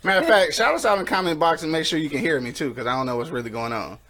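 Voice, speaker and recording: A man's voice: fairly high pitch, very fast, a bit bright. Laid-back man hosting a casual podcast. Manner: laid-back slangy banter, laughs often. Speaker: host. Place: small studio.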